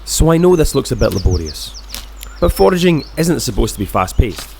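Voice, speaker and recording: A man narrating a scripted recipe voice-over in a calm, steady manner. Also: mid-range voice, normal speed, vocal fry, slight background noise. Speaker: host. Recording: voice-over with loud guitar music.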